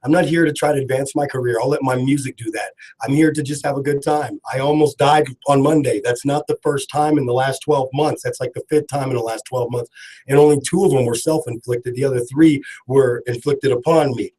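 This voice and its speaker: A man's voice: mid-range voice, fairly quick, slight background noise, poor audio. A man hosting a live radio talk show from the studio, rambling and laughing as he tells stories. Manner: rambling, laughing, animated storytelling.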